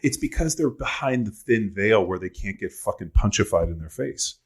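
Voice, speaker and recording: A man's voice: fairly low pitch, lively intonation, moderate pace, slightly rough. A middle-aged man hosting a casual podcast chat, telling stories in a blunt, profane way. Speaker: podcast host.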